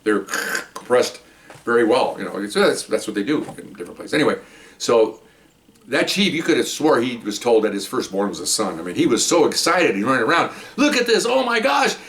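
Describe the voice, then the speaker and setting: A man's voice: medium pitch, sing-song, a little fast, a bit bright. Chatty man telling cop stories. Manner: rambling, chatty, checks in with "okay?". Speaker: police officer telling his own stories. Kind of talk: casual spoken storytelling. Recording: voice a bit distant from the mic.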